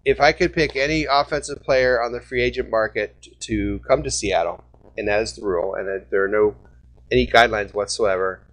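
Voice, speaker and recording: A man hosting a casual sports fan podcast, joking around and sometimes breaking into loud shouts. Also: on the low side, fairly quick. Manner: jokey, bursts into shouting. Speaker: podcast host.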